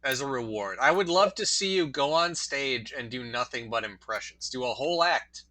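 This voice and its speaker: A man co-hosting a comedy podcast, throwing in quick wisecracks. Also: medium pitch, animated, sharp tone. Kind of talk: casual comedy podcast chat.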